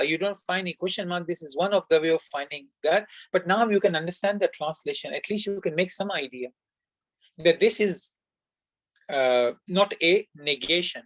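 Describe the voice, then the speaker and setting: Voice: mid-range voice, moderate pace, a bit bright, no echo, poor audio. An Arabic teacher giving an online class lesson, who explains step by step, quizzes the students and sprinkles in devout phrases.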